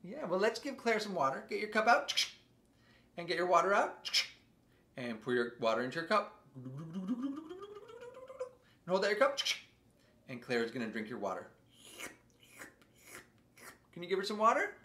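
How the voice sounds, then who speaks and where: A man's voice: sits high, very animated, moderate pace, pauses often, bright, forceful tone. A man leading a playful interactive music lesson for young children, coaxing them to join in with a sing-song delivery.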